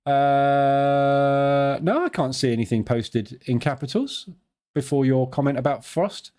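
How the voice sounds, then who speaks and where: A man's voice: medium pitch, measured pace, darkish tone, clean tone. Chatty British man hosting a trading stream. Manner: chatty, joking, digressive. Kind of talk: live trading stream commentary.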